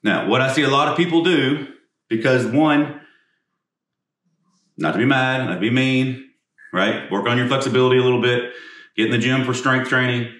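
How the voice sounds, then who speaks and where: A man's voice: medium pitch, normal speed, pauses often, fairly bright tone. A male golf coach talks through swing moves while demonstrating them, blunt and casual, with the odd curse. He gets short of breath from the swings. His voice rings in a very echoey space, picked up from some distance off the mic. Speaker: golf instructor.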